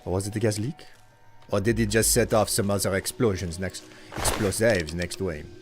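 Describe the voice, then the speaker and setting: A man's voice: fairly low pitch, steady tone, moderate pace, over music. A man streaming a video game and commenting on it in a put-on French-German accent, speaking in a stiff, formal, playful way. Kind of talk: casual gameplay commentary.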